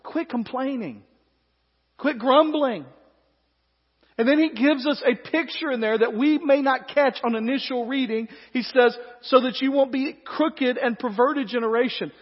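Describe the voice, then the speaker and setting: High-voiced male pastor preaching in a hall. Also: breathy edge. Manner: swings between hushed, slow passages and loud, emphatic preaching. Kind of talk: sermon. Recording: echoey hall, dull lo-fi sound.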